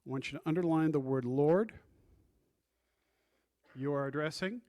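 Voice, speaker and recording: A man's voice: fairly high pitch, moderate pace, a little mellow. A man preaching a sermon as pastor, reading scripture aloud and guiding the congregation through the text. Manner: teaching, reads scripture aloud and directs the congregation.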